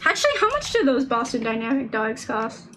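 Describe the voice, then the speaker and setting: A woman's voice: a little high, very animated, fairly quick, fairly bright tone, a little hiss or hum, poor audio. A young woman streaming a game, chatting casually and rambling with lots of fillers and restarts. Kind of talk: casual gameplay stream chat.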